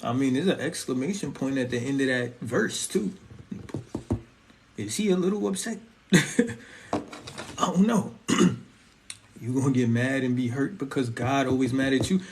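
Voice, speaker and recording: A man's voice: medium pitch, a little slow, pauses often, a little hiss or hum. A young man giving a casual, slangy preaching monologue on faith and relationships, often asking listeners if they feel him. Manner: animated, conversational, slangy, keeps asking "you feel me". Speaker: Christian vlogger.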